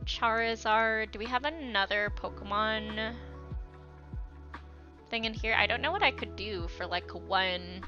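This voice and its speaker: A woman's voice: mid-range voice, measured pace, bright, forceful tone. A young woman chatting casually with viewers on an art livestream while she draws, thanking them by name and using many fillers. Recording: slightly dull lo-fi stream audio, faint music.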